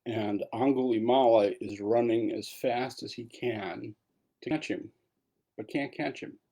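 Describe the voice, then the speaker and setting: A man's voice: mid-range voice, fairly even intonation, unhurried, vocal fry, mellow. A man giving a dharma talk as a meditation teacher, telling a story in a casual way with asides.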